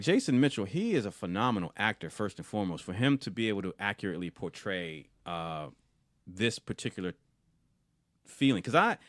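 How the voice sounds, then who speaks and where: A man, a podcast co-host, retelling a film scene in casual review chat, animated and often restarting and repeating words. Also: lowish voice, dry recording, studio quality.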